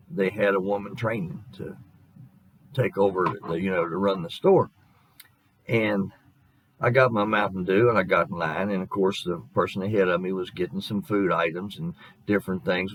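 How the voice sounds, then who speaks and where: A middle-aged man preaching as a pastor, hoarse and losing his voice, telling a folksy, earnest story in his sermon. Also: sits low, fairly bright tone, a little hiss or hum, poor audio.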